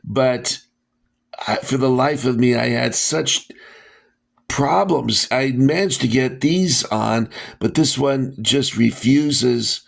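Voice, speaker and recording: A man's voice: medium pitch, slow, vocal fry. A man casually reviewing vintage toy soldiers, rambling with lots of fillers and dry jokes, a bit winded.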